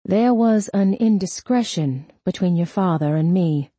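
A woman's voice: fairly low pitch, expressive, a little slow, mellow, husky, no echo. A woman reading an audiobook, voicing a middle-aged mother whose voice is soothing yet firm. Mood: confessing.

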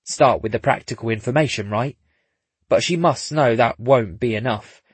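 Husky male narrator with wry asides. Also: medium pitch, moderate pace, dry recording. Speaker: audiobook narrator. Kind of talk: scripted narration.

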